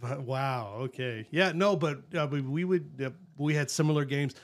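A man's voice: fairly high pitch, normal speed. A middle-aged man, co-hosting a casual chat and telling rambling stories with easy laughs. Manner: chatty, laughs easily, rambling storyteller. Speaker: podcast co-host.

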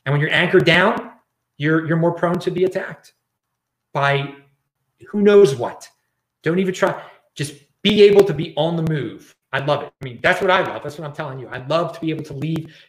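A man's voice: fairly high pitch, moderate pace, reverberant. A man hosting his own show, ranting in casual commentary and often repeating and restarting words. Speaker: show host.

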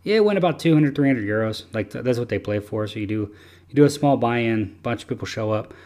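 A man's voice: medium pitch, animated, quick pace, a little mellow. A man hosting a casual podcast chat, rambling and easygoing with lots of fillers. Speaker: podcast host.

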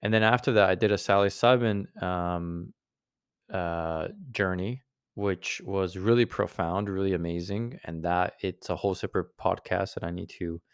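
With a steady, smooth, low voice at normal speed, a U.S. podcast host tells a story about himself, meandering and frequently starting over in a casual solo talk. Studio-quality audio with no echo.

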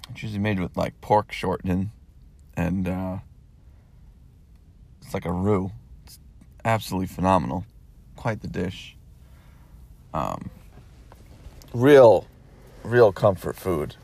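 An American podcast host with a low-pitched, gravelly voice delivers a loose, rambling monologue. He often repeats himself and swears when he gets worked up.

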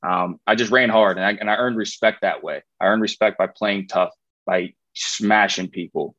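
A man's voice: lowish voice, moderate pace, bright, forceful tone, dry recording, dull audio. A man in his twenties, a former college football player, telling his story in a casual interview, rambling with fillers and restarts.

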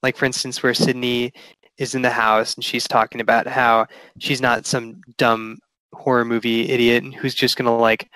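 A man's voice: mid-range voice, level tone, moderate pace, sharp tone, smooth, no echo, poor audio. A young man casually discussing horror movies, retelling scenes and laughing easily.

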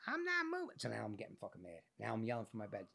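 A man, an actor guest on a podcast, telling a story in a profane, animated way, his voice changed by illness. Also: fairly low pitch, racing, vocal fry, slightly rough. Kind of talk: casual podcast interview storytelling.

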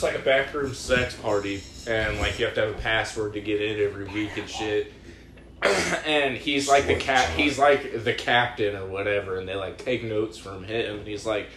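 A man's voice: fairly low pitch, normal speed, a bit bright. A man telling a rambling, profane story in casual chat among friends. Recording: echoey room with faint noise.

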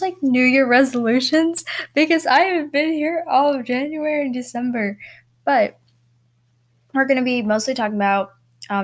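Chatty rambling teen girl podcaster. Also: high-pitched. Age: teens. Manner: rambling, chatty, lots of fillers and laughs. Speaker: podcast host. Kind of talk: casual solo podcast chat. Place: bedroom at home.

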